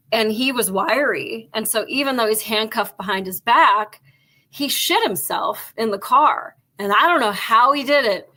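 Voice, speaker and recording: A woman hosting a casual live show, spinning a blunt work story with a bright, forceful tone. Her voice sits a little high for a woman and is peppered with "like." She speaks as a former police officer looking back. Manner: animated, blunt storytelling with frequent "like".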